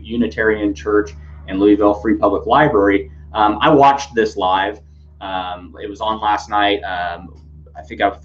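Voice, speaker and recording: A man hosting a casual news commentary podcast, rambling with many fillers and restarts. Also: lowish voice. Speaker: podcast host. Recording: dull lo-fi sound with faint hum.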